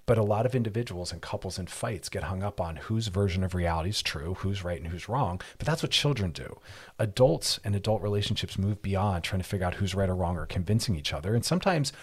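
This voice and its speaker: A man's voice: low-pitched, lively intonation, fast, slightly rough. A man hosting a radio advice show, talking through relationships in a reflective, conversational way with personal stories.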